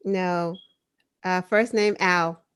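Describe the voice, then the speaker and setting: Woman, Boston accent, online news co-host, laughs often, slow unhurried talk. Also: fairly low pitch, clear, resonant tone. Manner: animated, laughs often, urging. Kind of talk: casual chat.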